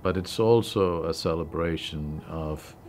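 A man's voice: low voice, unhurried, darkish tone, a little hiss or hum. A man, a lab leader, speaking emphatically about the big picture in a documentary interview.

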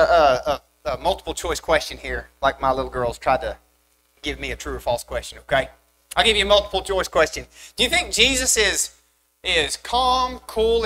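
Animated young preacher man, emphatic. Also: sits high, slight background noise, low-quality recording. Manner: animated, rising emphatic delivery with rhetorical questions. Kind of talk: sermon. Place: church sanctuary.

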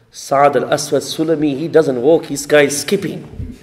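High-voiced preacher telling a story. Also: male voice, normal speed. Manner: animated storyteller, acts out characters. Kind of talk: storytelling sermon with jokes. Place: mosque hall. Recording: reverberant hall.

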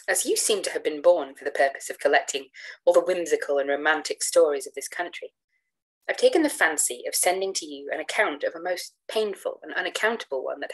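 A woman reading a gothic tale in measured, expressive first-person narration. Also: low-pitched, poor audio. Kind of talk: literary narration read aloud.

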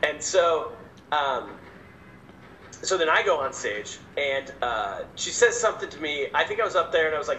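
Brief: male comic guest, animated storytelling, slightly high, roomy echo. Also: moderate pace, slight background noise. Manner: animated, self-mocking. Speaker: stand-up comedian, guest. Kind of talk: casual storytelling. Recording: echoey room, faint ambience.

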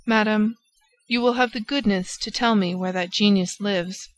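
A woman's voice: on the high side, normal speed, a bit bright, close to an everyday voice. A woman doing a troubled young nobleman. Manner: earnest, troubled. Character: bewildered, lovesick young nobleman. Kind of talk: audiobook character voice.

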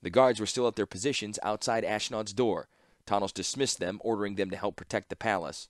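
A man narrating a fantasy story in audiobook style, steady and measured. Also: lowish voice, no echo, clean studio sound.

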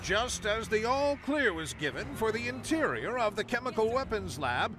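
An actor playing a stern male military announcer who briefs missions in a game, in a formal, measured delivery. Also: high voice, big pitch swings. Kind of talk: scripted game narration. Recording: game audio with music behind.

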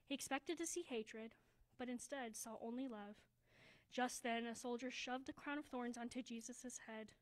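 A woman reading a children's story aloud at a church service, slowing down for emphasis and dropping to a hush. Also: fairly high pitch, low-quality recording. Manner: expressive, slows down for emphasis, drops to a hushed voice.

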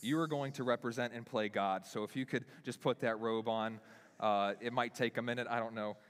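Animated male pastor in echoing church. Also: fairly quick, clean tone. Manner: animated, self-deprecating, talks with lively pitch swings. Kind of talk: sermon with live stage demonstration. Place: church hall. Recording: long reverb of a church hall.

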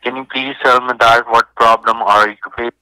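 Fast, bright-voiced call-center man. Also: medium pitch, level tone, clean tone, dry recording. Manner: scripted call-center greetings. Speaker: phone scammer posing as customer support. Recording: phone line.

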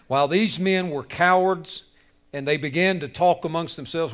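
Casting: male preacher, high-set voice, animated storyteller who jokes with the crowd. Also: normal speed. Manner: animated, acts out characters, jokes with audience. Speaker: speaker to youth on bullying. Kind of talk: lively sermon storytelling.

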